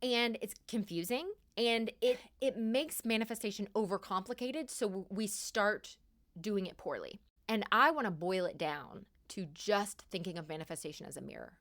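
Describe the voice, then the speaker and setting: Animated woman podcast host, emphatic. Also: mid-range voice, moderate pace. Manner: animated, emphatic, repeats key words. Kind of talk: casual spiritual advice monologue.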